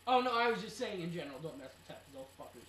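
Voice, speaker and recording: A playful co-host chats through a casual recap, giggling and teasing, with a lively voice that swings up and down. The voice rings in a roomy space with a faint hiss of noise under it. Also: medium pitch, far from the mic. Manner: playful and giggly, quick to tease. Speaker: co-host of a wrestling recap show.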